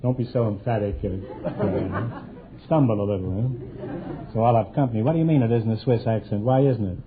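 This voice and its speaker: A man hosting a radio quiz show, teasing his guests with quick ad-libbed jokes and repeated questions on a 1950 broadcast. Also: fairly low pitch, a crowd in the background, noisy background. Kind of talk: wisecracking quiz show banter. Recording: tinny 1950 radio broadcast with loud audience.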